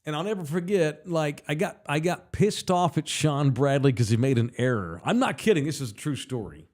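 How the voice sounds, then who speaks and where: A man hosting a podcast, telling a story in a casual, profane and animated way. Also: fairly high pitch, normal speed. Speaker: podcast host.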